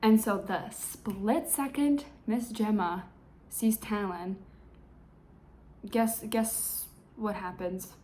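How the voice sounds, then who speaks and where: A woman's voice: medium pitch, slow, dark tone. A young adult woman who recaps a book in a casual vlog, talking in a chatty, sarcastic, slangy way. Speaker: book reviewer.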